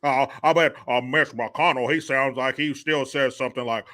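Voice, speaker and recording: A man's voice: medium pitch, fairly even intonation, moderate pace, hardly any pauses, sharp tone. A man hosting a livestream of political commentary, ranting in a profane, mocking way. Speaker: host.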